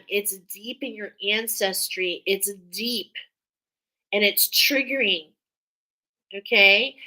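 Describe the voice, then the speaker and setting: A woman's voice: mid-range voice, bright, forceful tone, low-quality recording. A woman giving an emotional, hesitant channeled spiritual reading, sighing and restarting as she speaks. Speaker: spiritual reader.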